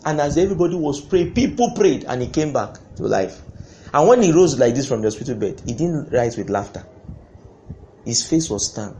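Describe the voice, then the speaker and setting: A man preaching a sermon, impassioned, breaking into sudden loud bursts. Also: on the high side, animated, moderate pace, slight background noise.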